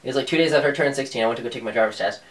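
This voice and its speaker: A man's voice: mid-range voice, racing, far from the mic. A young man co-hosting a podcast, telling a funny story in casual chat, laid-back and joking. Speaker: podcast co-host.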